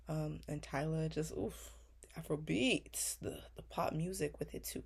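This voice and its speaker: A young woman in her twenties talks in a low, husky voice. She answers interview questions about her year in an earnest, emotional way, close to tears, pausing often with casual fillers. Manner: earnest, emotional, drawn-out pauses, many fillers. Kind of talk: casual reflective talk.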